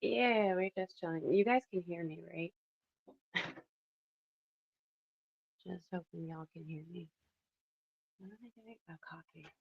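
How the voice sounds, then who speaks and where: A woman's voice: lowish voice, fairly even intonation, measured pace, creaky, long pauses, breathy edge, highs cut off. A woman in her thirties hosting a casual livestream from her home kitchen, chatting in a rambling way and reading the chat aloud. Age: 30s. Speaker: livestream host. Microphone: phone.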